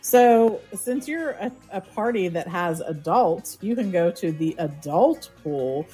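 A woman co-hosting a podcast, giving practical travel advice in a steady way with frequent ums. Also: lowish voice, slow pace, husky, soft background music.

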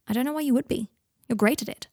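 A woman reading an audiobook and voicing a lonely, earnest young man who speaks quietly and hesitantly. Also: high voice, fast talker, dry recording, studio quality, voice pushed up. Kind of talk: audiobook reading of fan fiction.

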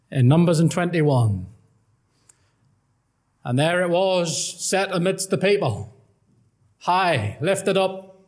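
Male preacher, somewhat high voice, earnest and emphatic gospel sermon delivery. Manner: earnest, emphatic preaching, quoting old-style scripture.

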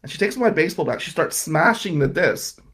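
A man's voice: on the high side, animated, brisk, fairly bright tone, breathy edge. A man in his forties telling a rambling, profane personal story to his viewers in a casual vlog. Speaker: vlogger.

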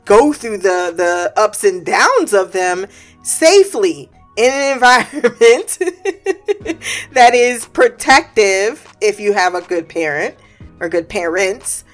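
A woman's voice: mid-range voice, expressive, takes it slowly, soft background music. A woman giving a casual, laugh-filled recap of a show, swearing freely and throwing in slangy asides. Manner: acts out characters' lines while retelling.

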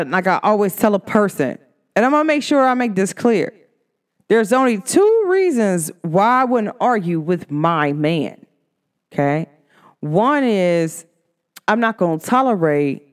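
A blunt, outspoken woman speaks casually to the camera. Her voice is smooth and resonant, and she talks with emphatic energy, putting on other people's voices when she quotes them. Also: medium pitch. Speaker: vlogger.

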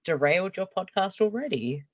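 A woman's voice: lowish voice, expressive, normal speed. Give me a playful woman podcast guest on a lo-fi call recording. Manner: playful, joking banter. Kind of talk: casual podcast chat.

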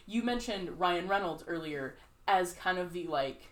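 A woman's voice: fairly low pitch, a little slow. A woman co-hosting a podcast in casual chat, rambling with many fillers and acting out quoted reactions. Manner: rambling, filler-heavy, animated quoting. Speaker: podcast co-host.

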